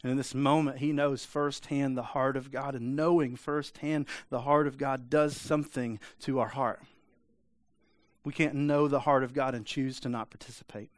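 Male pastor, conversational sermon, medium pitch, dry recording. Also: steady tone, normal speed, no echo. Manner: conversational preaching, asks the congregation for amens.

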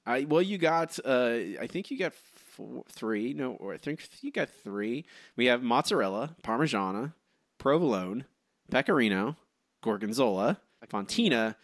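A man co-hosting a casual podcast and running a trivia quiz, teasing his partner with quick asides. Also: medium pitch, lively intonation, dry recording, studio quality. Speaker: podcast co-host and quiz master.

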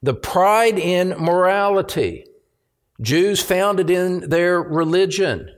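A pastor preaching a sermon, slow and emphatic, repeating key phrases for stress. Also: male voice, sits high.

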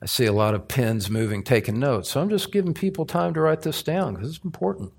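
A man preaching a sermon as pastor, earnest and emphatic, with deliberate phrasing that presses each point home in a church. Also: medium pitch, animated, vocal fry, husky.

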